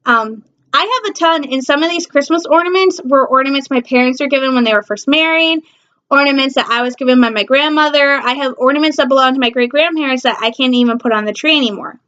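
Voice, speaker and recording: A woman from Michigan hosting a pop culture news vlog, gushing excitedly about shows with lots of ums. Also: high-pitched, fast talker, dull audio. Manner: gushing, excitable fan talk with many ums. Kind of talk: casual chat.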